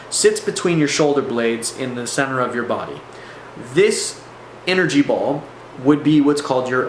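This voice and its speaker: A man's voice: mid-range voice, a bit bright. Guy telling a personal story to his viewers, chatty, wanders off topic, roomy echo, faint hum behind. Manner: conversational and digressive, with asides to viewers. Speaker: storyteller recounting a personal experience. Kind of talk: casual first-person storytelling to camera. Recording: echoey room with faint background hum.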